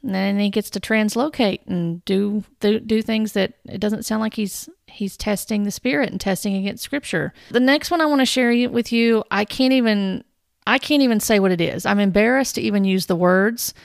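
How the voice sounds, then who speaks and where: A woman's voice: medium pitch, normal speed, gravelly, dry recording, studio quality. A woman hosting a podcast, giving wry, skeptical commentary. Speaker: podcast host.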